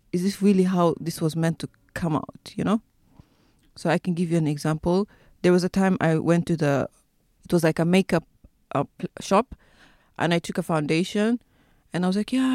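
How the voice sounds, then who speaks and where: A woman's voice: fairly low pitch, darkish tone. A woman telling personal stories in an interview, hesitant, with many fillers and restarts. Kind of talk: personal storytelling.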